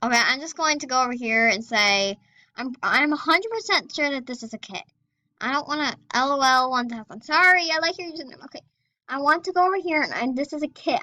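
A young woman chatting excitedly and giggling as she comments on her gameplay. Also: high voice, no echo, lo-fi sound. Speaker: gaming video host.

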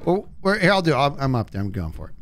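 Playful, lively middle-aged man streaming. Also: a little high, very fast. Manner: playful and jokey, teasing teammates. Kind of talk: live game stream chat.

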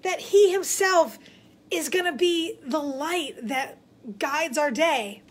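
Woman, high voice, bubbly and excitable, casual kids' Bible lesson. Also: slow. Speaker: children's ministry teacher.

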